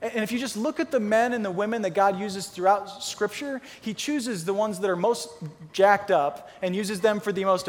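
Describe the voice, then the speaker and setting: High-voiced man preaching in a reverberant hall. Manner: conversational storytelling, acting out Bible characters. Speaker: pastor. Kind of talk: sermon.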